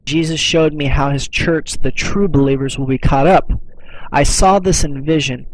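A man reading a testimony aloud in a steady, solemn voice. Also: fairly high pitch, rough recording. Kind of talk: scripted narration.

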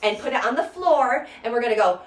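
A woman's voice: fairly high pitch, expressive, fairly quick, echoey room. A woman teaching a toddler music class, counting rhythms and chanting in a bouncy sing-song way. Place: indoor room, sitting on floor.

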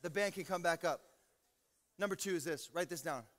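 A man preaching an energetic, joking sermon as pastor, swinging from loud preaching to low asides. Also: brisk. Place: large church hall. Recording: reverberant hall with music.

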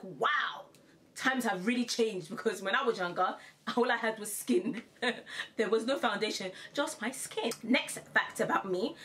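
A woman's voice: mid-range voice, fairly bright tone, slight background noise. A young woman vlogging in a casual, chatty way, laughing often and repeating herself for emphasis. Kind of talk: casual to-camera chat.

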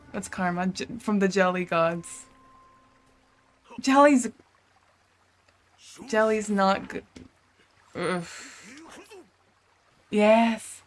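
A woman's voice: mid-range voice, slow pace, pauses often, faint music behind. A young woman streaming a game, chatting casually and giggling with her viewers, swearing now and then. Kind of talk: casual live-stream chat while gaming.

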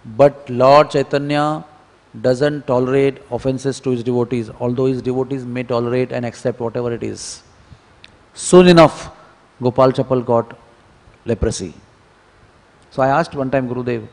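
A man giving a devotional scripture lecture in a temple, telling stories and moving between hushed and emphatic delivery. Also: medium pitch, fairly even intonation, moderate pace, long pauses. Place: temple hall. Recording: long temple hall reverb.

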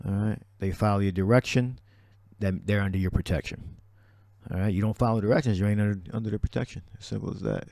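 Man preaching on scripture, low mellow voice, dry sound, loose and repetitive. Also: fast, vocal fry, dry recording. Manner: repetitive, restarts, scripture-heavy. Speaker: religious teacher. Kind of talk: preaching commentary on a video.

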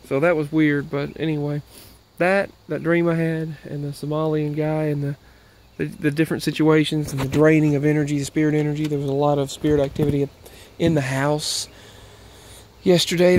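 Male vlogger, slightly high-pitched, winded and meandering, faint vehicle hum behind. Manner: meandering, repeats himself, earnest. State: out of breath. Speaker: YouTube vlogger. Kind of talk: rambling casual monologue.

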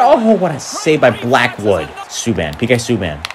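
An excitable young man commentating his own video hockey game, with a lively voice that jumps from low mutters to high yelps. Faint game music plays behind him. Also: brisk, few pauses. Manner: excitable, mock sportscaster calls, yelps and groans. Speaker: gaming YouTuber. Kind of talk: live play-by-play gaming commentary.

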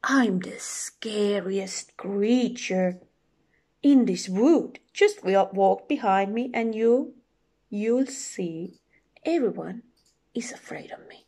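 A woman's voice: mid-range voice, animated, takes it slowly. A woman playing a cheeky little mouse. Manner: bright, boastful, teasing. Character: clever little brown mouse, bold and cheeky.

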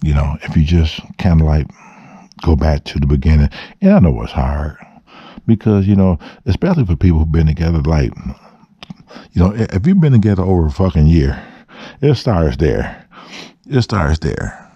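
A man's voice: extremely low pitch, animated, a little fast, dark tone, slightly rough, no room sound, lo-fi sound. A man telling a long, profane personal story in a casual vlog, often voicing quotes. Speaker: vlogger. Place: dark room.

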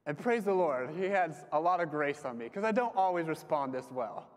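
A young man giving a casual sermon to a campus group, talking conversationally with lots of fillers and letting his phrases trail off softly. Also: a little high, animated, moderate pace. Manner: conversational, frequent "like" fillers, dips soft at phrase ends. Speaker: campus ministry speaker. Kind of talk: casual sermon with personal stories. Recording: long hall reverb.

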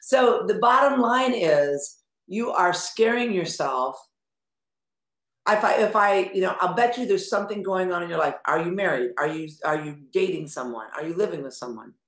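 An older woman hosting a live video call forum on anxiety, animated and teasing, swearing casually as she coaches a caller. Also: lowish voice, moderate pace, reverberant.

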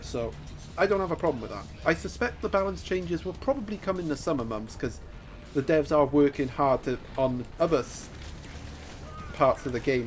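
Brief: male gamer, animated and jokey, taunts opponents, voice on the higher side. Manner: excitable, laughing, taunting opponents. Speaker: gaming YouTuber. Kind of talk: live gameplay commentary.

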